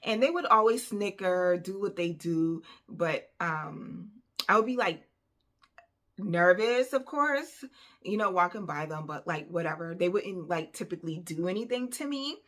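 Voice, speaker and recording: A woman telling a personal story in a casual vlog, animated and conversational, with plenty of fillers. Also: lowish voice, unhurried. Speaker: vlogger.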